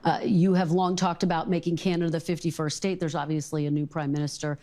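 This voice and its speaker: A woman interviewer asking a politician measured, persistent questions. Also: low-pitched, level tone, mellow. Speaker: news interviewer.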